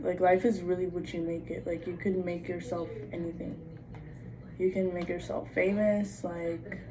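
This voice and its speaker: A young adult woman vlogging in a casual monologue, blunt and profane, with "like" in nearly every phrase. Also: fairly low pitch. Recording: distant mic with faint background noise.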